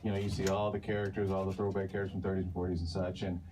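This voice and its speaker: A man animator telling stories on a panel in a lively way, laughing as he talks. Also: low-pitched, very fast. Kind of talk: panel reminiscence. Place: panel talk before an audience. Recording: distant mic with clear background noise.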